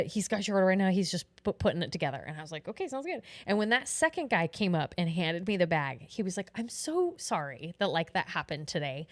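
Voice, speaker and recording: A woman's voice: on the low side, no echo. A woman co-hosting a podcast, telling a story in casual chat, acting out the voices and swearing freely. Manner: animated, acts out quoted voices, swears often. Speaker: podcast co-host.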